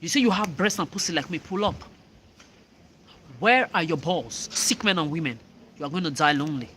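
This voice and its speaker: A woman's voice: sits low, quick pace, a bit bright, slight background noise. A woman, cursing her enemies in an angry, repetitive vlog rant. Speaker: vlogger. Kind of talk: angry monologue rant to camera.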